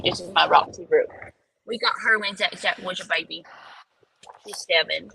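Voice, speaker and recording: A woman's voice: fairly low pitch, measured pace, vocal fry, pauses often, sharp tone, a little hiss or hum, poor audio. A woman host on a phone livestream, sitting in her car, ranting bluntly and profanely. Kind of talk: casual livestream rant. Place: in a parked car in a school pickup line.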